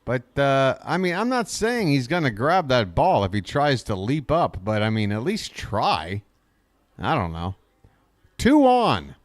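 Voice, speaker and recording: Man, fan streamer calling baseball live; unhurried, very expressive pitch, talks to his chat. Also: dry recording. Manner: chatty, talks straight to his chat viewers; gets excited on big plays. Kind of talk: live fan play-by-play commentary.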